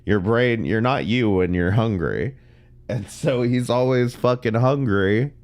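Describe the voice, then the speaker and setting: A man's voice: medium pitch, unhurried, a little mellow. A man hosting reaction commentary on stream clips, blunt, profane and exasperated. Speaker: commentary host.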